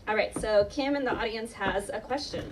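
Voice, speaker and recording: A woman hosting a live podcast panel tells stories in a chatty way and laughs often. She sounds far from the microphone, with clear background noise. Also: a little high, brisk. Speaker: host.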